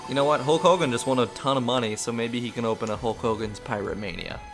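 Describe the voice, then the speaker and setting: A woman's voice: very deep voice, fast. A woman streaming a video game, chatting, joking and reading the game text aloud over the game's music. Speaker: let's play streamer. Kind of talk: casual gameplay commentary.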